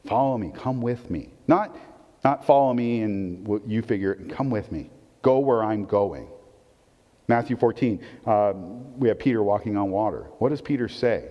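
Animated pastor preaching in a reverberant hall. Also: male voice, fairly low pitch, measured pace. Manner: animated, swings between loud emphasis and quiet asides; conversational, asks the audience questions. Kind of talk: sermon. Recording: dull, long-reverb hall recording.

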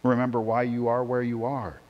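A man's voice: medium pitch, a little fast, lo-fi sound. Preaching man in a reverberant hall. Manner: animated preaching, rising emphasis and repeated rhetorical "right?". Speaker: pastor. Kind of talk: sermon.

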